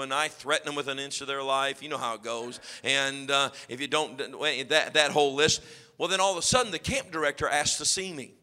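A man, a youth pastor telling a comic story in an animated sermon style. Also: mid-range voice, clean tone. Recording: long hall reverb.

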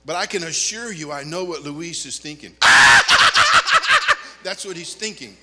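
Older guy preaching, high bright voice, joking and hollering, big echoey church. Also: measured pace. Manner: animated preaching with joking asides and sudden loud outbursts. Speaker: pastor. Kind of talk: sermon. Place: church sanctuary. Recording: long hall reverb.

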